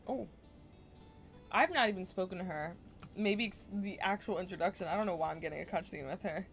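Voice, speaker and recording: A woman giving casual, relaxed commentary while playing a farming video game, chatty and self-deprecating, with small muttered asides. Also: lowish voice, a little fast, soft background music. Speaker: gaming streamer.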